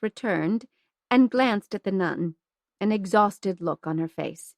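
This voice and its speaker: A woman narrating a historical novel as an audiobook in a measured, steady reading. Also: medium pitch, creaky, dry recording, studio quality. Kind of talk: scripted narration.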